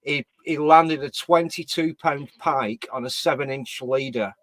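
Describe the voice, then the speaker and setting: A man's voice: mid-range voice, measured pace, a bit bright, no room sound. Fifties man, dry sound. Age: 50s. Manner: rambling storyteller, swears freely. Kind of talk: casual chat on a live stream.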